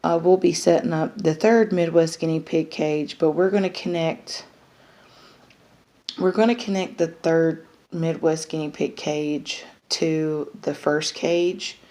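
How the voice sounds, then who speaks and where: A woman with a lowish voice chats casually to the camera. She rambles warmly, with frequent fillers and restarts. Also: measured pace. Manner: chatty, many fillers, excited baby talk to pets. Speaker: vlogger.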